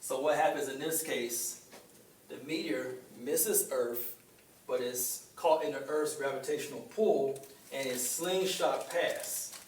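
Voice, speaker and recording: A man giving an informal talk to a group, conversational, pausing often with fillers. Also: mid-range voice. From Chicago. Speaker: speaker. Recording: echoey room with faint ambient noise.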